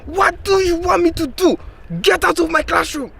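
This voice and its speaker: A man's voice: very high-pitched, normal speed, gravelly, a bit bright, voice pushed up, heavily acted. A man voicing a stern, impatient male schoolteacher, scolding in an exaggerated mock accent.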